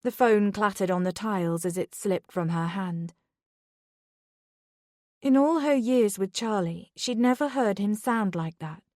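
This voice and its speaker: A woman narrating a thriller audiobook in a measured, steady reading. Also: mid-range voice, no echo, clean studio sound.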